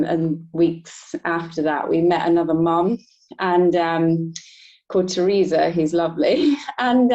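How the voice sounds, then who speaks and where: A woman guest telling a personal story in a relaxed interview, often laughing lightly between thoughts. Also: on the low side. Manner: reflective, laughs between thoughts, many restarts. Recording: dull lo-fi sound.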